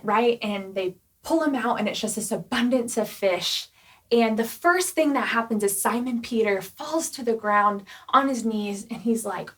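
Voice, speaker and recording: Chatty young woman giving a youth sermon. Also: on the high side. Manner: chatty, animated, lots of "like" and "right?". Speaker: youth pastor.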